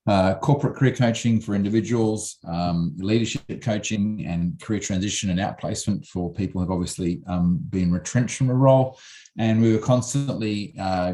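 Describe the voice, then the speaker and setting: Guy career coach on a video call, lowish mellow voice, measured. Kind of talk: casual chat.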